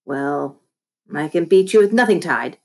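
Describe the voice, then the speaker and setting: A woman's voice: low-pitched, animated, a little slow, a little mellow. A woman voicing a bossy young boy. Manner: bossy, bratty, emphatic.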